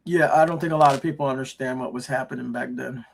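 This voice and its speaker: A man's voice: mid-range voice, fairly even intonation, fast, vocal fry, slight background noise. A man chatting casually on a livestream, confidently sharing firm opinions. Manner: confident, opinionated about religion. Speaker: livestream co-host. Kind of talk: casual chat.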